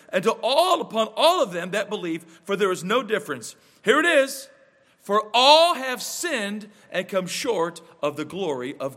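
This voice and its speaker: High, lively preaching man. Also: big-room sound. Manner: emphatic preaching with rhetorical questions and asides. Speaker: pastor. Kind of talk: sermon.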